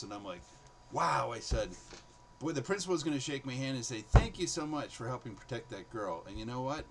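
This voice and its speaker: Speaking at a medium pitch and a brisk clip, this man is heard against background noise. Once a teacher, he recounts tales from his classroom in an easygoing monologue, voicing the students' quoted lines with lots of animation.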